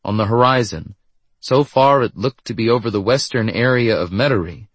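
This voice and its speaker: A man narrating a story in a steady audiobook reading. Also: lowish voice, moderate pace, breathy edge, dry recording.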